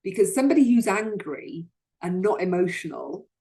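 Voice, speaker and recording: A woman's voice: on the low side, lively intonation, normal speed, warm tone. A woman hosting a solo self-help talk, speaking earnestly and often repeating words as she starts a sentence. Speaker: host.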